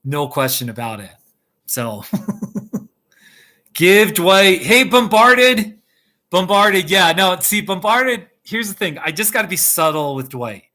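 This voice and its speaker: A man's voice: sits high, animated, slow pace, pushed and bright. A man hosting a casual live stream from his home kitchen, rambling and laughing often as he chats with viewers. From United States. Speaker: YouTube host.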